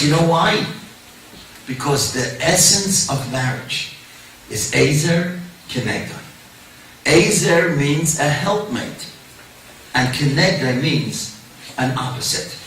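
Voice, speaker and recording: A male rabbi giving a lecture to a congregation, telling stories with lively, acted-out voices. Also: a little high, slight background noise. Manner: animated storytelling, acts out quoted voices. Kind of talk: lecture to a synagogue audience. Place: synagogue hall. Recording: echoey hall, mic at a distance.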